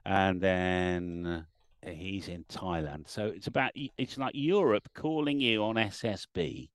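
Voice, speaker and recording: A middle-aged man, an animated storyteller chatting casually as a livestream guest and acting out the lines he quotes. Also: sits low, takes it slowly, dry recording, clean studio sound. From England.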